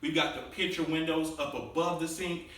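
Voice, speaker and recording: A man hosting a walkthrough home tour, pitching each room to viewers with salesman enthusiasm. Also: steady tone, moderate pace, fairly bright tone, recorded from a distance. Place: inside a show home, bare rooms. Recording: very echoey room, voice from off the mic.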